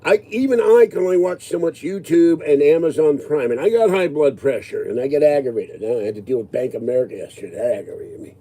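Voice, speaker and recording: A man's voice: mid-range voice, lively intonation, quick pace, hardly any pauses, dark tone. A man in his sixties ranting casually to his viewers, agitated and rambling. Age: 60s. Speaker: livestreamer answering viewers.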